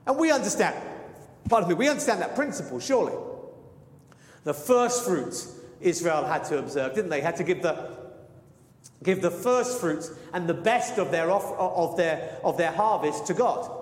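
Male preacher, high voice, earnest and explanatory, reverberant church room. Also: lively intonation, moderate pace. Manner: explanatory, earnest, with self-corrections. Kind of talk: expository sermon. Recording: reverberant hall.

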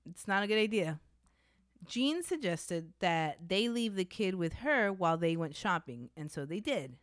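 A woman's voice: mid-range voice, no room sound, clean studio sound. A woman co-hosting a podcast, narrating a true-crime case in a blunt, matter-of-fact way between casual chat.

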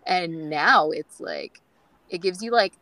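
A woman's voice: lowish voice, animated, slow, sharp tone, no room sound, low-quality recording. A woman guest on a groomers' podcast, telling stories in a chatty way with many fillers and acting out quoted dialogue. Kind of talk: casual storytelling interview.

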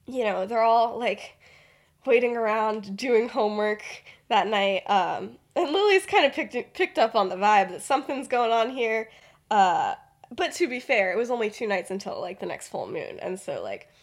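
A young woman hosting a podcast, retelling a story in a rambling, casual way full of fillers. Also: medium pitch. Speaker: podcast host.

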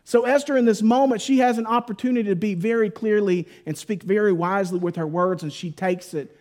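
A man preaching a Bible teaching in a conversational, animated way, full of casual asides. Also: high-pitched, a little fast. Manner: conversational and animated, lots of 'like'.

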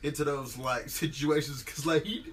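A man's voice: fairly high pitch, fairly even intonation, moderate pace, fairly bright tone, far from the mic, slight background noise. A young man in casual chat with friends, teasing and swearing in slang.

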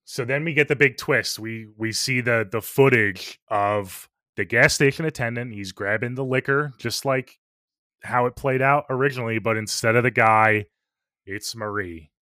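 A man's voice: mid-range voice, normal speed, pushed and bright, no echo, studio quality. A man co-hosting a podcast, chatting casually and enthusiastically about a film, swearing freely and using many fillers. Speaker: podcast co-host. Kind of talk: casual film review chat.

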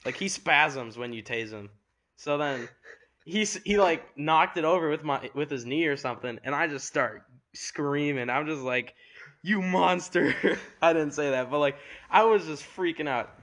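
A man's voice: a little high, moderate pace, a bit bright. A teenage boy co-hosting a podcast, telling school stories in casual chat with lots of fillers and restarts. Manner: rambling storytelling with many fillers. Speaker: podcast co-host.

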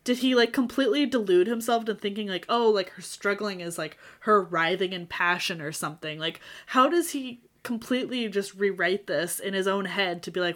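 A woman talks in a relaxed, chatty way with a voice that sits right in the middle of the range. She sounds indignant and exasperated as she talks, and she laughs often. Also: medium pitch, brisk, hardly any pauses. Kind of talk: casual book discussion chat.

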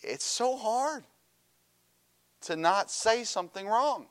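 A middle-aged man preaching a sermon, animated and storytelling, swinging from loud emphasis to quiet asides. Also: high-pitched, slow pace.

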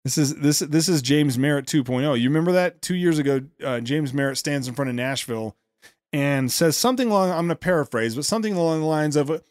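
Sarcastic man, high voice, dry sound. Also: fast, darkish tone, no room sound. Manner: indignant, sarcastic, repeats words when heated. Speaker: podcast host. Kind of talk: critical commentary on a speech clip.

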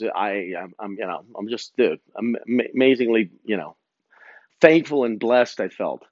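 A man's voice: on the low side, animated, moderate pace, no room sound. A man hosting a podcast, telling a long casual story in a rambling, slangy way, laughing between phrases. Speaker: podcast host. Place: home property, outdoors break. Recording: dull, dry lo-fi recording.

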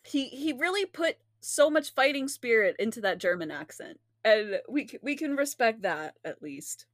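Woman, casual co-host, higher voice, dry close sound, giggly and animated. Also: moderate pace, no echo. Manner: giggly, laughs often, animated. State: laughing to tears at times. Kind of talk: casual chat.

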